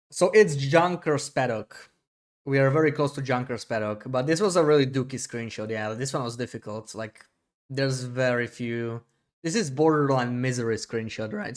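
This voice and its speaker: A man hosting a live game stream, chatting casually with viewers in a relaxed way and laughing easily. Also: medium pitch. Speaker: livestream host.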